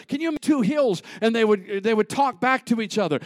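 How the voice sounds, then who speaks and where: Pastor, male, high tenor, dry close sound, preaches in surges, shouts the peaks, mutters the asides. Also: expressive, moderate pace, hardly any pauses, no echo. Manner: builds to shouting peaks, drops to low asides; folksy, repetitive, call-and-response. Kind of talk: sermon.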